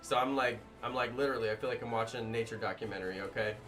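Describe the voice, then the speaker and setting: A man who makes gaming videos, telling a story to his viewers in a rambling, animated way. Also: mid-range voice, rapid-fire, faint music behind. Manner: animated, rambling, many fillers.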